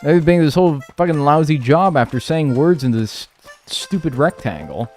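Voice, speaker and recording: A man's voice: a little high, expressive, normal speed, a little mellow. Young guy streaming, swears a lot, rambles, voice bounces up and down, faint music behind. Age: 20s. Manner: rambling, profane, drops to mumbles. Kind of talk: casual chat while gaming and reading chat.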